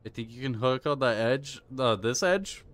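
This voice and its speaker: A male game streamer riffs into a close desk mic in a dry, deadened room. He coaches himself through tricky moves, then bursts into loud, profane rage and cackling laughter. His voice sits at an ordinary middle pitch for a man. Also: moderate pace, dry recording. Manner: excitable, swears and rages, coaches himself aloud. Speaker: live streamer. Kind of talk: live gameplay commentary.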